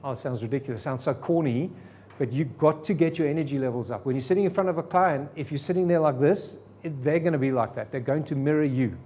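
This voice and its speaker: Man giving an animated sales seminar. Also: fairly high pitch, fast talker. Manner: animated, rhetorical questions to the room. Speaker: sales trainer. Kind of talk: live seminar talk to an audience. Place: meeting room with audience.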